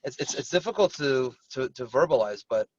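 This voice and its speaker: A man's voice: medium pitch, lively intonation, a little fast, no echo, distant mic, highs cut off. A man working as a real estate agent, talking candidly on a video call panel, rambling with many restarts.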